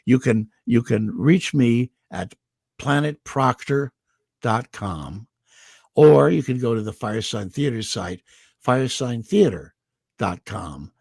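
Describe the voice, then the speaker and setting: An older man from Indiana tells stories as a guest, in a low, gravelly voice with a husky edge. His story comes over a dry, close call sound. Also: a little slow, dry recording. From Indiana, USA. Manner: animated storyteller, slips into character voices for quotes. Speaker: guest voice actor. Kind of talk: anecdotal storytelling.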